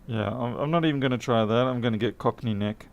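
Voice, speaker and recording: Working on a laptop in his workshop, a male repair tech keeps up a fast, chatty, self-deprecating commentary for the camera, muttering along the way. His voice sits in the mid range, and the recording sounds muffled.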